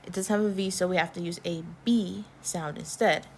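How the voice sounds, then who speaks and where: A woman's voice: fairly low pitch, steady tone, normal speed, darkish tone, slight background noise. A woman with an American accent teaching a language lesson, patiently explaining and repeating example words.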